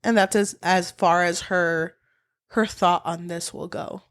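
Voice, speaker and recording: A woman's voice: on the low side, fairly even intonation, measured pace, no echo. A woman co-hosting a book podcast in casual chat, candid and opinionated, swearing casually. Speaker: podcast co-host.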